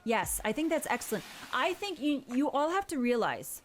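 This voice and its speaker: A woman, a parent, hosting a casual livestream chat, giving earnest, gentle advice and reading viewers' messages aloud. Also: high voice, big pitch swings, moderate pace. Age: adult parent. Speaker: livestream host.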